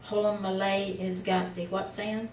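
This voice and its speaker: A woman tutoring a student in Hebrew reading in a casual one-on-one lesson, patiently sounding out letters and syllables slowly. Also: mid-range voice, flat delivery, reverberant, recorded from a distance, a little hiss or hum, low-quality recording.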